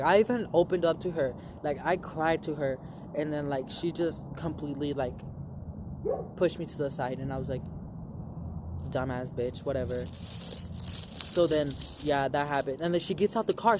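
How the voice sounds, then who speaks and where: A man's voice: on the high side, brisk. Rambling profane young man, noisy background. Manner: rambling, profane, lots of "like" fillers. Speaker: vlogger. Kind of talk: casual storytelling to camera.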